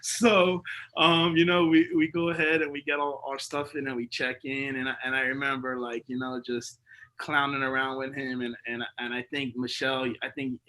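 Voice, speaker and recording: Here the same kind of memorial storytelling comes at a brisk clip: a man with a mid-range voice laughs a lot and plays out the conversations he's recounting, using plenty of slang and fillers. The sound is poor.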